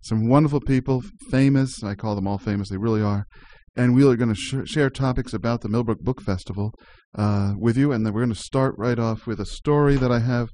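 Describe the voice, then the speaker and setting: A man's voice: medium pitch, a little fast, hardly any pauses, dark tone, slight background noise. A man hosting a community radio show, talking in a chatty way and laughing easily. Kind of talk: casual community radio chat.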